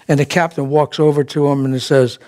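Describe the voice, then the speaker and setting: A man's voice: on the high side, little pitch movement, a little fast, darkish tone. A man giving a casual sermon at a spiritual center, folksy and chuckling, with many fillers and restarts. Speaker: spiritual practitioner giving a talk.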